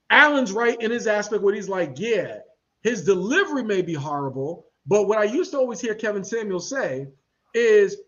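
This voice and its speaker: A man hosting a podcast, talking in a casual, animated and slangy way and acting out the people he quotes. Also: high-pitched, lo-fi sound. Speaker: podcast host. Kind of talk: casual commentary chat.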